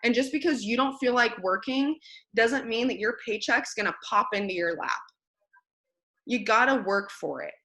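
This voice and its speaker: A woman's voice: a little high, normal speed, pushed and bright. A young woman leading her team on a video call, giving a blunt, tired pep talk with some swearing. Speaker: team leader.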